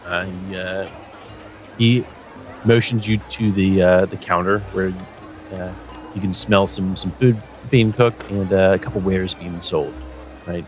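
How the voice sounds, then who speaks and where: A man narrating as game master in a tabletop game, halting with many restarts. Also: low-pitched, fairly even intonation, faint music behind.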